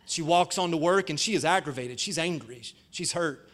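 A man's voice: fairly high pitch, normal speed, a bit bright. A male pastor preaching an emphatic sermon at a live church service, switching to playful storytelling.

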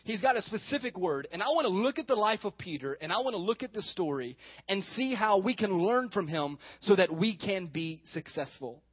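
A man with a high voice delivers a sermon as pastor. He is animated and acts out the dialogue in the passages he reads. The recording is dry and slightly muffled. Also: brisk, husky, dry recording.

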